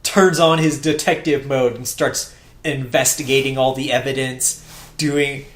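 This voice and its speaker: A man's voice: mid-range voice, fairly even intonation, a little slow. Casual male co-host, rambling recap, plays out quotes, roomy echo. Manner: rambling, restarts often, acts out quotes. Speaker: podcast co-host.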